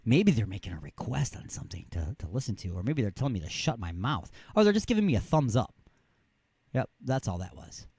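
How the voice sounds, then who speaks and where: A man's voice: on the low side, sing-song, brisk, darkish tone, husky, no echo. A man hosting an internet radio show from a studio, joking and rambling with self-mocking asides as he reads out odd news stories. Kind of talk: comedic radio banter reading news stories.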